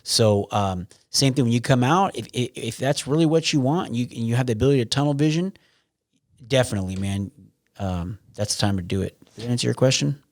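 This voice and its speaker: A man's voice: medium pitch, fairly quick, no room sound, clean studio sound. Blunt, rambling man as a podcast guest. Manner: blunt, swears, many restarts. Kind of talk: casual interview.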